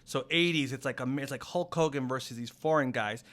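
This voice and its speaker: Brief: male podcast guest, rambling deadpan improv, middle pitch. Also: a little fast. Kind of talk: improvised comedy podcast chat.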